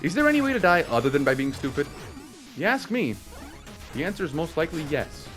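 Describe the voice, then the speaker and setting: Brief: excitable young gamer narrating his playthrough, jokey and loose, voice leaping all over, soft game music behind. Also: a little high, fairly quick, long pauses. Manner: excitable, rambling, laughing, swearing. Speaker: let's play host. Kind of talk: casual gameplay commentary. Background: faint game music.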